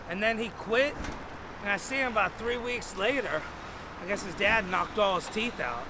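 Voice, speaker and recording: A man telling a crude, rambling stand-up story in an animated way. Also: sits high, moderate pace, noisy background. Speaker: stand-up comedian.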